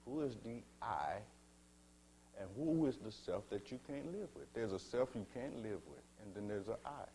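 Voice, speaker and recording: A man giving a spiritual teaching talk, slow and measured, asking his listeners rhetorical questions and calling them beloved. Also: lowish voice, animated, mellow, slight background noise.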